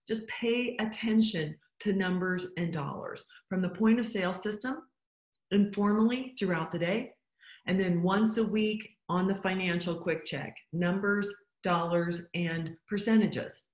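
A woman's voice: medium pitch, unhurried. A woman giving a motivational business talk, emphatic and full of rhetorical questions put to the listener. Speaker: business coach. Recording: echoey room.

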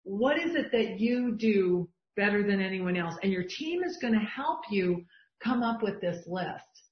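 A woman's voice: mid-range voice, animated, a little slow. A middle-aged woman leading an online group coaching session, talking with emphatic enthusiasm as she reads from shared lists. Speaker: business coach. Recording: dull, roomy video-call audio.

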